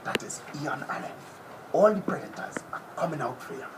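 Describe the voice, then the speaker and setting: A man doing an impression of a brash, boastful male TV personality, with a theatrical, drawn-out delivery that drops to whispers. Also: fairly high pitch, animated, lightly acted. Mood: menacing. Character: brash boastful male TV personality, self-proclaimed top predator. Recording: noisy background ambience.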